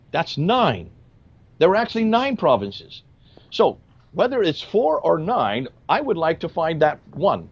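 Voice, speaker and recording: A man's voice: medium pitch, husky. Emphatic man lecturing, dull lo-fi sound. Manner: emphatic, with rhetorical questions. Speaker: Christian apologist explaining history. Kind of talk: lecturing discussion.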